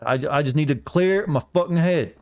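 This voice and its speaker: A man's voice: normal speed, a little mellow, lightly acted. A man putting on the voice of a worn-out, grumpy adult who swears and shoos someone outside so he can have a drink. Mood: exasperated. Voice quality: raised pitch, swearing, exasperated.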